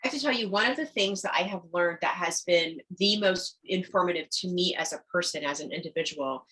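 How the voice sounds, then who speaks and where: Bright-voiced, animated woman coach. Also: fairly low pitch, fairly quick, poor audio. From Midwestern United States. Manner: animated, enthusiastic, acts out quotes. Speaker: communication coach, guest. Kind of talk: conversational podcast interview.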